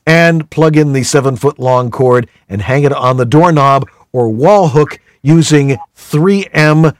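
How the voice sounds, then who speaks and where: A man's voice: a little high, measured pace, hardly any pauses, no echo, clean studio sound. A man hosting a voiceover podcast, jokey and playful, reading questions and plugging gear. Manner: jokey, animated, playful asides. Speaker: podcast host. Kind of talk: podcast hosting, product plug.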